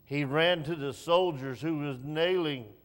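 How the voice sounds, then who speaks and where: A man preaching a sermon, dropping to hushed low passages and rising to pleading, raised lines. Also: unhurried, long reverb tail.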